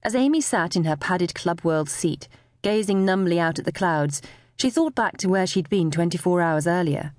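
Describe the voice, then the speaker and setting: A woman narrating a novel as an audiobook, with expressive storytelling. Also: fairly low pitch, normal speed, dry recording, studio quality. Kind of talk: scripted narration.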